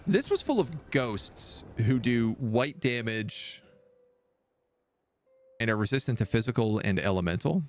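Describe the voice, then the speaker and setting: A man's voice: mid-range voice, very animated, measured pace. A man streaming a strategy game, musing aloud as he weighs options. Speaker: live streamer. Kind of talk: gameplay commentary. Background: game music.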